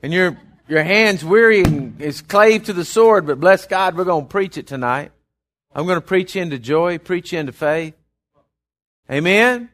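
A man's voice: high voice, expressive, normal speed, slight background noise. An older man preaching a folksy sermon in a church, his voice strained and worn. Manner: preachy, folksy, with bursts of loud calls. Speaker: pastor. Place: church sanctuary with monitors and reverb.

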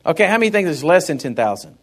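A man's voice: on the high side, sing-song, fast talker. A man preaching a sermon, calling out to the congregation and acting out the people in his stories. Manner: calls out to the congregation, acts out stories in voices. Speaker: pastor.

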